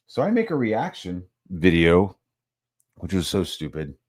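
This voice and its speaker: A man's voice: sits low, measured pace, no echo, clean studio sound. A man ranting casually about online drama, swearing a lot and mocking others in put-on voices. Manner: profane, animated, mocks others in put-on voices. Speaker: channel host.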